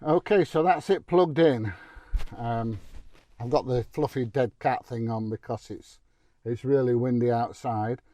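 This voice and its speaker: A man's voice: medium pitch, measured pace, warm tone. A British man chatting casually in a product review vlog, rambling with plenty of fillers. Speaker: vlogger. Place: inside a vehicle, then at a computer.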